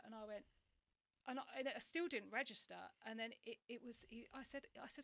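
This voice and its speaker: A woman's voice: on the high side, fairly quick, creaky. A woman in her forties with an English accent, a podcast guest telling a personal story in candid conversation and acting out the exchanges she remembers. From England. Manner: animated, acts out remembered exchanges, restarts often.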